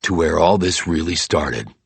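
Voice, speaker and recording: A man's voice: low voice, animated, measured pace, gravelly, full character voice. A man voicing a tough, driven male investigator in an audiobook, speaking in terse, clipped lines. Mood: grim, terse.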